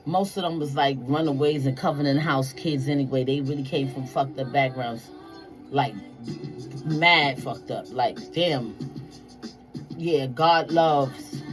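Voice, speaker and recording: A woman telling stories casually to her viewers, profane and animated, acting out the voices of people she quotes. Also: extremely low pitch, rough recording.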